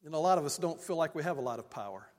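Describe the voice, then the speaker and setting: An older male pastor preaches in a church sanctuary, telling homely stories and drawing out key lines slowly. His voice sits high for a man. A long reverb trails after each phrase. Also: animated, darkish tone. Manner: folksy storytelling preacher, slows for emphasis. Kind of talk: sermon. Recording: long reverb of a large hall.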